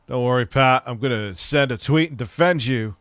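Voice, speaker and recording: A man's voice: medium pitch, moderate pace, a bit bright, clear, resonant tone, no echo, soft background music. A man hosting a reaction video, making incredulous, profane asides about what he watches. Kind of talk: casual reaction commentary.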